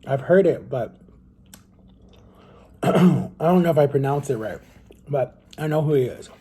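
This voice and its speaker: A man's voice: a little high, expressive, unhurried, dark tone, slightly rough. A young man talking casually to camera at home, earnest and rambling, often restarting his sentences. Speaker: vlogger.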